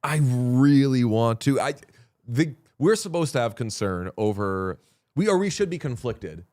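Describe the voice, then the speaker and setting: A man's voice: mid-range voice, animated, a little slow, darkish tone, no echo, studio quality. A man hosting a casual sports podcast chat, rambling and correcting himself as he jokes around. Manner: rambling, self-correcting, jokey. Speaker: podcast host.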